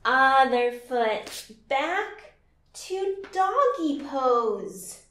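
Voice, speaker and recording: A woman teaching a yoga class for small children, guiding them in a slow, gentle and playful way, with sung lines and animal sounds. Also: high-pitched, sing-song, reverberant, far from the mic.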